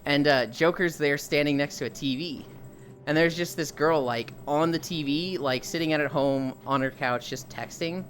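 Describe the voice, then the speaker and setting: A woman's voice: low-pitched, normal speed, a little hiss or hum. A woman streaming, chatting casually and telling stories animatedly, swearing freely. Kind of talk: casual chat. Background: faint music.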